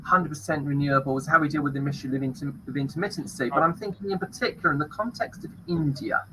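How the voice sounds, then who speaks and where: This man has a slightly high voice with a sharp, forceful edge. He hosts a panel discussion and moderates in a friendly, loose and chatty way. He speaks over a video call. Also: quick pace, slight background noise, rough recording. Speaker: podcast host.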